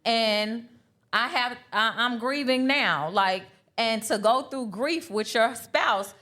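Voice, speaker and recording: A slightly high, pushed, bright voice comes from a woman co-hosting a podcast panel live at a brunch, speaking at a slow pace. In this candid chat she earnestly relates a personal story and repeats points for emphasis.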